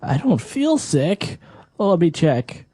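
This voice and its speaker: A woman voicing a panicky, confused man calling tech support, with frantic, high-pitched yelps, in a scripted comic dialogue. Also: very animated, slow, mellow, breathy edge, no room sound, studio quality, exaggerated voice.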